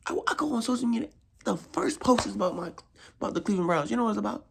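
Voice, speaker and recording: Young man, football fan, casual rant, exasperated, gravelly, slangy, repetitive. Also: lively intonation, racing. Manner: exasperated, slangy, repeats himself, big pitch swings.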